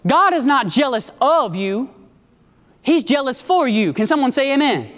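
A woman preacher delivers a sermon from a church sanctuary, and her voice rings out with a long hall reverb. She keeps asking the congregation for an amen. She swings from high, emphatic declarations to low, hushed passages. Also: very animated, normal speed. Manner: call-and-response, asking the congregation for amens.

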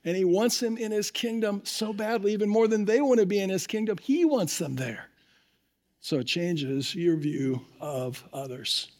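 A man's voice: high-pitched, normal speed, darkish tone. A man preaching a sermon, emphatic, calling on the congregation for amens. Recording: long hall reverb.

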